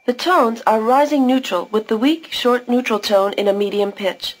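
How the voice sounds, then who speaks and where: A woman's voice: fairly high pitch, normal speed, low-quality recording. A woman giving scripted narration for a language course, patiently explaining pronunciation step by step.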